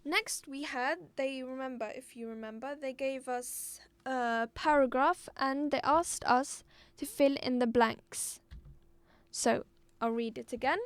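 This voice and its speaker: A woman from Algeria teaching an English exam-review lesson, repeating words and spelling them out slowly for her pupils. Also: high voice, fairly even intonation, clean tone, no echo, clean studio sound.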